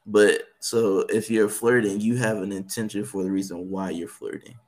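A man's voice: lowish voice, level tone, moderate pace, a little mellow. A man co-hosting a casual podcast chat, laying out his reasoning in an earnest, step-by-step way. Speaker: podcast co-host.

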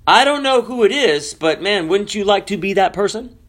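A man preaching a sermon, swinging between loud cries and hushed drops and asking the listeners questions. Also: high-pitched, lively intonation, moderate pace.

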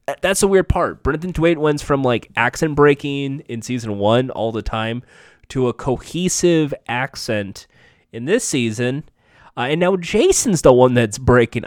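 A man's voice: medium pitch, expressive, a little slow, no echo, studio quality. A man giving a casual spoken recap and review of a TV episode, rambling and often correcting himself mid-sentence. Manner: rambling, self-correcting, offhand swearing.

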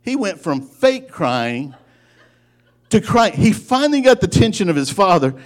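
A man preaching a sermon, telling a folksy story in an animated way and often breaking off to restart his sentences. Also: sits high, normal speed. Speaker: pastor.

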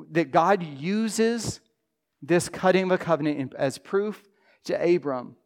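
A man preaching a sermon to his congregation, earnest, dropping to a soft hush when he voices quoted prayers. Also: fairly high pitch. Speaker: pastor.

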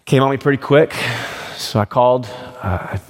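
A man preaches in a loose, conversational way, slipping stories into his sermon. His voice sits in a middle pitch. Long reverb hangs behind him, as in a church sanctuary. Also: normal speed. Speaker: pastor.

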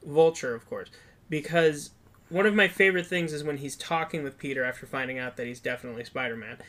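A young man with a slightly high, bright voice chats on a podcast. He tells stories with animated energy and retells scenes from memory. His delivery stays informal throughout. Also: fast. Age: young adult. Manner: animated storyteller. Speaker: podcast co-host. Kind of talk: casual chat.

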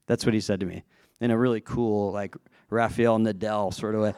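A man's voice: on the low side, steady tone, a little fast, a little mellow, clear, resonant tone, dry recording. Chatty man telling a story, dry sound. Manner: chatty, self-deprecating, laughs at himself, frequent restarts. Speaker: speaker addressing a live audience. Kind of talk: storytelling talk to an audience.

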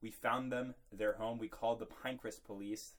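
A man's voice: on the low side, fairly even intonation, moderate pace. A young man co-hosting a casual sports podcast, chatty and laughing often. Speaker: podcast co-host.

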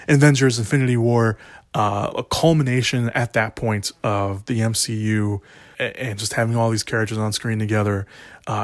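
A man's voice: mid-range voice, dry recording, clean studio sound. A man hosting a casual movie review podcast, talking in a rambling, enthusiastic way with frequent restarts. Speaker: podcast host.

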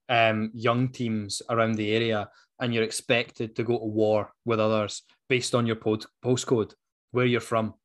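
A man with a Dundee Scottish accent, co-hosting a podcast in casual chat, earnest and passionate, with frequent ums. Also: mid-range voice. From Dundee, Scotland. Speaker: podcast co-host.

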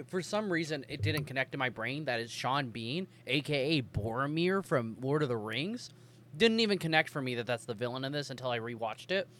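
A man's voice: mid-range voice, fairly bright tone. A man hosting a casual podcast chat. He rambles along with plenty of ums. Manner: chatty, rambling, many ums. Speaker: podcast host.

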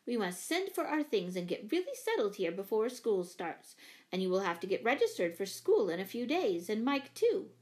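A woman's voice: medium pitch, very animated, normal speed, a little mellow, natural voice. A woman voicing a practical, chatty mother who works as a librarian, read for a children's storybook. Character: middle-aged mother and librarian, brisk, practical.

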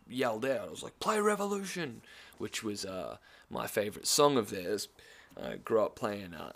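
With a low voice and noticeable vocal fry, a young Aussie tells a wandering, offhand tale from a festival. He's profane the whole way through, laughing as he goes.

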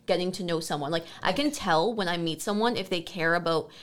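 A young woman from Canada telling rambling party stories in casual chat, full of "like" and swearing. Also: fairly low pitch. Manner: fast, rambling storytelling with frequent "like" and swearing.

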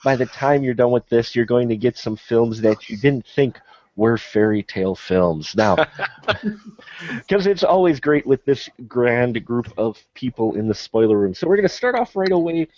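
A man's voice: medium pitch, expressive, measured pace, a little mellow, dry recording. Upbeat podcast host guy, voice bounces around a lot, dull lo-fi sound. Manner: upbeat, laughs often, announcer-style intros. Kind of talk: casual movie podcast chat. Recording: dull lo-fi sound, faint noise.

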